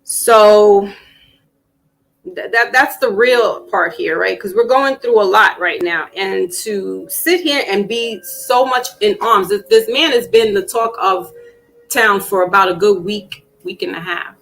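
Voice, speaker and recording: A woman hosting a casual live-stream panel, chatting loosely with plenty of fillers and restarts and getting animated when she tells a story. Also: medium pitch, measured pace, vocal fry, low-quality recording. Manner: animated when telling stories.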